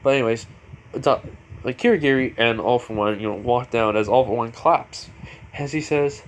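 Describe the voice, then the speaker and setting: A man's voice: medium pitch, normal speed, a little hiss or hum. A man casually retelling a fan story, rambling with lots of fillers and restarts.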